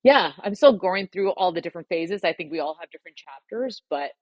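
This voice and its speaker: A woman guest on a podcast, telling a personal story in a heartfelt way, pausing and choking up at times. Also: on the low side, animated, no room sound, dull audio. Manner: heartfelt, pauses and chokes up while recounting.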